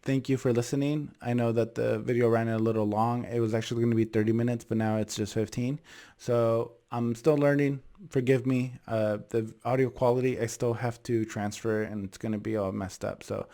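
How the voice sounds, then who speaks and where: A man's voice: mid-range voice, level tone, moderate pace, mellow. A young man telling a true ghost story from his own home in a casual, rambling way, often restarting his sentences and acting out his parents' words.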